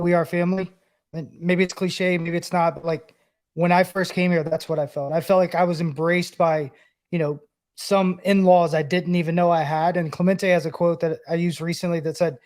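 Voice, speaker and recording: A man from the Southeastern US co-hosts a casual podcast. His voice is quite high for a man, and he speaks earnestly and enthusiastically. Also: fairly even intonation, brisk, a little mellow. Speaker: podcast co-host, former baseball player.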